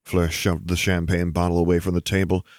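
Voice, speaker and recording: A man narrating fan fiction as an audiobook in a steady, measured storytelling manner. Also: low voice, no room sound, clean studio sound.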